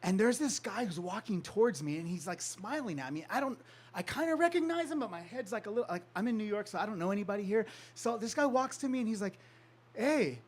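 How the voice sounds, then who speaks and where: A man from California telling a long anecdote to a live audience, animated, acting out the people he quotes and laughing often. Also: high-pitched, fast. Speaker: author giving a talk. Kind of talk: storytelling talk to an audience.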